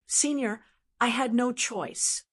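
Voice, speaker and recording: Wronged young male fighter, hurried and pleading, voiced by a woman narrator; audiobook. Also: on the high side, breathy edge.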